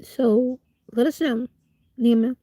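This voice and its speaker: Woman, livestreamer, stuffy nose, casual chat while eating, dry close sound, slightly high pitch. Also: fairly even intonation, takes it slowly, dark tone, dry recording. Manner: chats while eating, talking with food in her mouth; answers viewer comments directly.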